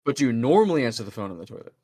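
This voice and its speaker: A man's voice: mid-range voice, very animated, racing, dark tone. A man co-hosting a podcast, teasing and playfully questioning his co-host in casual chat.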